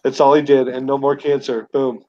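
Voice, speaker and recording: A man's voice: mid-range voice, flat delivery, normal speed, mellow, a little hiss or hum. A man co-hosting a podcast, joking crudely and sarcastically in casual banter. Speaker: podcast co-host. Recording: dull lo-fi sound.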